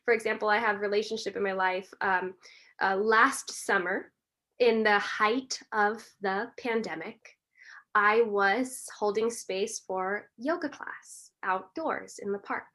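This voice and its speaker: A woman, a breathwork and meditation teacher, talking earnestly and warmly as a podcast guest in a reflective, gently spiritual way. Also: medium pitch, a little slow. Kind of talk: reflective conversational talk.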